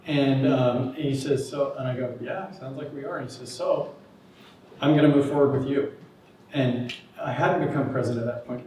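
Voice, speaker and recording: A man delivers a relaxed, anecdotal lecture full of ums and restarts. He is heard from a distant mic in a large, very echoey hall, with a faint hiss underneath. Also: medium pitch. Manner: relaxed, anecdotal, with many fillers. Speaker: guest lecturer. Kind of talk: storytelling lecture.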